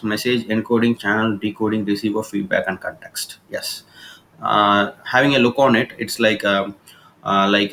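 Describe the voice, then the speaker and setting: A man's voice: on the low side, a bit bright, slight background noise, poor audio. A man teaching communication skills over slides, explaining informally and often checking "okay?" between points. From India. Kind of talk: recorded slide lecture. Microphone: laptop recording.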